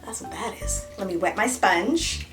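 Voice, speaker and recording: A woman's voice: medium pitch, lively intonation, normal speed, recorded from a distance, over music. A woman beauty vlogger chatting through a casual makeup tutorial at home, playful and goofy, given to silly asides.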